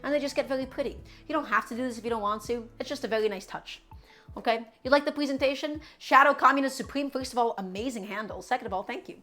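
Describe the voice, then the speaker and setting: A woman's voice: on the high side, fast, sharp tone, soft background music. A young woman chatting upbeat as she demonstrates a recipe on a cooking live stream and answers her viewers.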